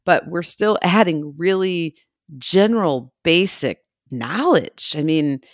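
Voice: mid-range voice, animated, slow, no room sound, clean studio sound. A podcast co-host chatting casually and gushing with enthusiasm about animals. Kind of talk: casual chat.

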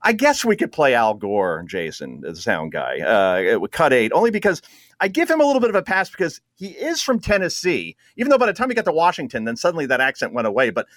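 A man's voice: medium pitch, huge pitch swings, fast talker, fairly bright tone, no echo. Guy hosting talk radio, mocking tone, voice jumps all over, dry close mic. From New Jersey. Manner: sarcastic, laughs at his own jokes, cues clips. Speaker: radio talk show host.

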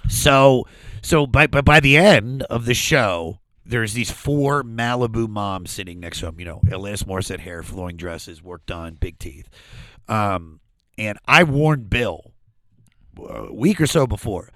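A man, a comedian guest, telling a story in casual chat, animated and laughing often. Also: lowish voice, unhurried, no echo.

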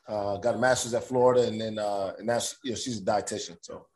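A man's voice: lowish voice, fairly even intonation, quick pace, a little mellow. A man from New York, a college basketball coach, chatting as a guest in an easygoing, good-humored way. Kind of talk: casual interview chat.

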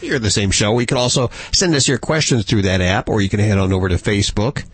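Husky guy hosting radio, playful and jokey, dry close mic. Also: fairly low pitch, fast, no room sound, faint music behind. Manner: joking, playful banter. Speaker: radio show host. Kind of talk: casual radio chat.

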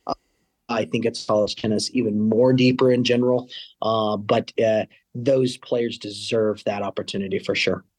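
A man speaking as a college tennis coach in a casual interview. His pitch stays level and even, with little rise or fall, and he rambles through fillers and false starts. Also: moderate pace. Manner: rambling, many fillers and restarts.

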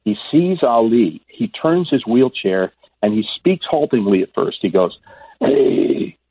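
A man in his sixties from Florida, a guest sportscaster telling stories in a phone interview, animated and stammering on restarts. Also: mid-range voice, normal speed, dry recording. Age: 60s. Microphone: telephone. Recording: husky, dry phone line.

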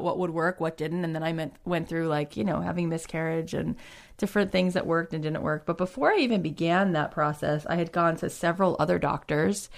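A woman hosting a casual talk show, telling a personal story in an animated, emphatic way. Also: on the low side. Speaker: podcast host. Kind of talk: casual chat.

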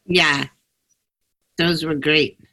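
A woman's voice: low-pitched, drawn-out words. A woman hosting a casual podcast interview, mostly giving short agreeing replies. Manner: relaxed, brief agreeing replies. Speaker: podcast host.

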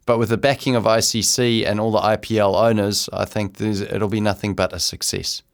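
A man's voice: lowish voice, level tone, fairly quick, vocal fry. Easygoing male cricket co-host. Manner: easygoing, self-deprecating. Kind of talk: casual studio banter.

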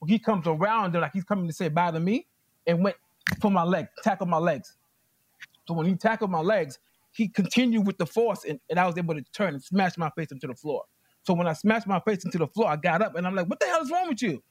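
A man giving courtroom testimony as plaintiff, telling his story in an animated way and acting out what others said. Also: high-pitched, a little fast, no echo, clean studio sound.

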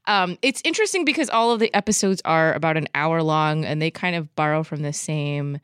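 A woman podcast host in casual chat, rambling and animated, with lots of "like". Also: low-pitched, fairly quick, clear, resonant tone, no room sound, studio quality.

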